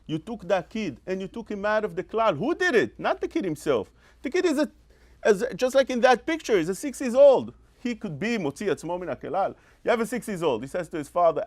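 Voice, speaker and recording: Animated rabbi with a lively high voice. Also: male voice. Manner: animated preaching, mimics scolding parents, quotes Hebrew rapidly. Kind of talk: sermon.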